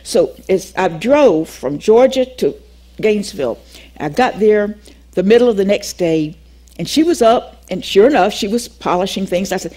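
Older lady teaching bible class, animated storyteller, acts out the dialogue, laughs a lot, middle pitch. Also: normal speed. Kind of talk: teaching class with personal testimony.

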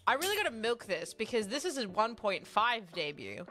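Excitable Australian woman streamer. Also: on the high side, normal speed, soft background music. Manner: rambling, excitable, swears often, talks to chat. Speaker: livestreamer. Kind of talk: casual livestream chat.

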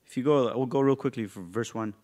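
A man teaching a youth Bible study, animated and joking as he acts out people's reactions. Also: medium pitch, quick pace.

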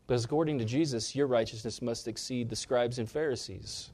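A man preaching a sermon, rising sharply in pitch and loudness on key points and dropping low between them. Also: a little fast. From Kansas. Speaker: pastor.

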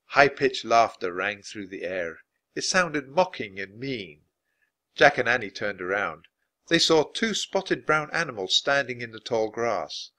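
A man reads a children's book aloud with a bright, clear tone. His delivery is lively and expressive, rising and falling widely and dropping low for plain narration. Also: a little slow. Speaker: storybook reader.

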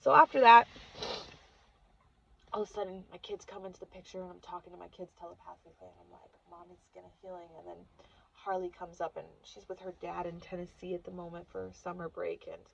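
A woman, a mother, telling a long personal story in a casual vlog and acting out the voices she quotes, swinging from hushed to loud. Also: on the low side, brisk, vocal fry, muffled recording, slight background noise. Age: adult with children. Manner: animated, acts out quotes with big swings in loudness. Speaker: vlogger recounting a retreat.

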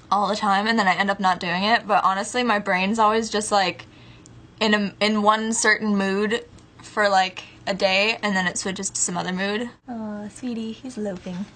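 A woman's voice: medium pitch, pushed and bright. A woman in casual chat to camera from her bedroom, tired and rambling with lots of "like" and "um" fillers. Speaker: vlogger.

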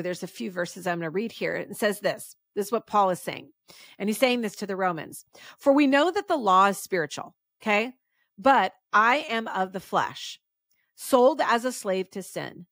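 A woman hosting a faith teaching podcast, chatty and animated, her voice jumping up in pitch when she stresses a point. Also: no echo, studio quality. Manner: chatty with frequent fillers. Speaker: podcast host and author.

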